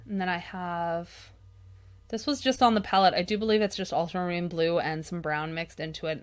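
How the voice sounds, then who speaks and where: A woman hosting a painting tutorial at her craft desk, chatty and self-mocking as she works, breaking into laughter. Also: fairly low pitch. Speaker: craft channel host.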